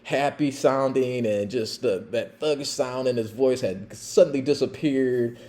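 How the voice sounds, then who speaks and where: A man in his fifties, a podcast host and former police officer, telling a personal story in a casual, animated way. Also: mid-range voice, measured pace.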